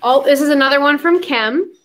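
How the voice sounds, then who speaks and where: A woman's voice: high voice, a little fast, a bit bright. A young adult woman hosting a casual livestream, chatty and giggly, slipping into baby talk with her puppy. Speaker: livestream host.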